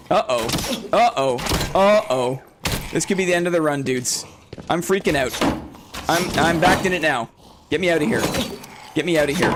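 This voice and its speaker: A man streaming a game live, chatting with his viewers, thinking out loud, repeating short phrases and getting jumpy and excitable during fights. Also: a little high, background noise. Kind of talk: live gameplay commentary.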